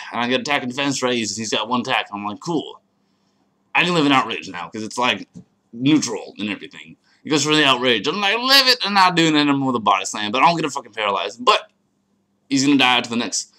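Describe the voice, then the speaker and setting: A man casually narrating his own online game battle, crude, profane and excitable, grumbling at his opponent. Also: mid-range voice.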